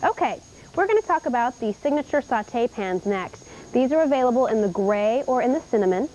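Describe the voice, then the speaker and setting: A woman's voice: on the high side, expressive, fairly quick, darkish tone, slight background noise. A young woman from Indiana hosting a live TV shopping show, chatty and upbeat as she demonstrates cookware. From Indiana, USA. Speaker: home shopping host. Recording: dull 1990s TV broadcast tape.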